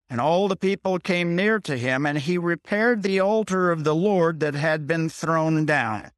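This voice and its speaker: Guy reading the bible slow and explaining it, kinda high voice, dry close sound. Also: fairly bright tone, no echo. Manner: reads scripture slowly, stops to explain in plain words; repeats points and checks in with "okay?". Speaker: preacher.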